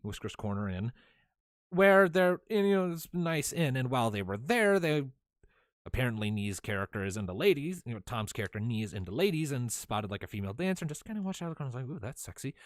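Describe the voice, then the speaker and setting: A man hosting a casual podcast, recapping a tabletop game he ran as game master, animated and often laughing. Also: mid-range voice, quick pace, no room sound, clean studio sound. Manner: animated storyteller, laughs often, many fillers.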